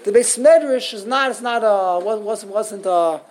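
A man giving a Talmud class lecture, telling stories with animated rhetorical questions and frequent restarts. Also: high-pitched, unhurried. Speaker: Talmud teacher.

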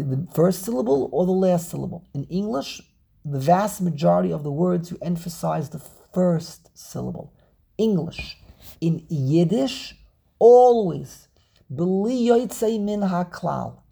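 Male Torah teacher on a video call, dark and raspy tone, drills pronunciations. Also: fairly high pitch. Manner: repeats words, drills pronunciations aloud. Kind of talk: online Torah class.

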